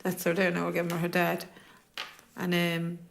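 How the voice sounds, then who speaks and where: A middle-aged Irish woman speaking in an interview as a bereaved mother, with a soft, halting and hesitant way of talking. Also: on the low side, monotone, gravelly, slight background noise. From Ireland. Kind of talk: emotional interview recollection.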